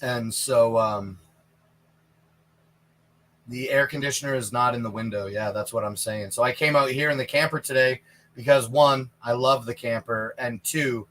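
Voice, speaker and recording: A man's voice: mid-range voice, steady tone, normal speed, fairly bright tone. A man with a Canadian accent hosting a casual live stream from inside a small camper trailer, chatting in a rambling way and answering viewers' questions. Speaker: livestream product reviewer.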